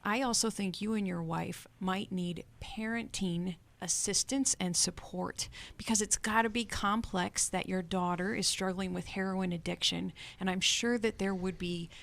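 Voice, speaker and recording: A woman co-hosting a radio advice show as a counselor, measured, clinical and caring. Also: medium pitch, steady tone, creaky, a bit bright.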